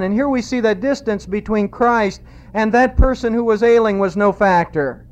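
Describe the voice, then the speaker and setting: A man preaching a sermon, emphatic and repeating key phrases, slowing down when he quotes scripture. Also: high-pitched. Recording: dull lo-fi sound.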